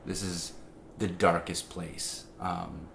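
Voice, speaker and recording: A man giving an informal, conversational sermon, full of restarts and fillers, growing animated as he tells the story. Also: deep voice, takes it slowly, creaky, slight background noise. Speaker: preacher.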